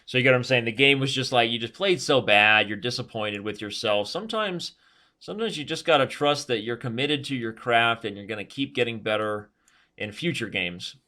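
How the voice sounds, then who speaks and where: Bright-voiced joking chess streamer man. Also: medium pitch, fairly quick. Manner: animated, joking, self-mocking. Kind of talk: live chess commentary. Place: at a computer playing online.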